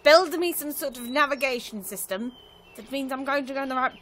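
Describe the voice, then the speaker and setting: A woman chatting through a video game, self-mocking, with sudden excited cries. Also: high-pitched, a little fast. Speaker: let's play gamer. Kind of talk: casual gameplay commentary.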